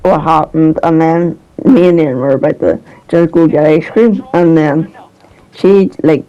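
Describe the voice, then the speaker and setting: Male storyteller, casual and hesitant, slow delivery, soft dark tone. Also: fairly high pitch, highs cut off. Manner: rambling, hesitant, swears casually.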